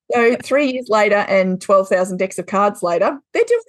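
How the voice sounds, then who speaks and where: An Australian woman talking casually as a podcast guest, frank and unfiltered, swearing freely. She laughs easily between thoughts. Her voice sits at an ordinary pitch, recorded close and dry. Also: dry recording. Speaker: guest, intuitive card deck creator.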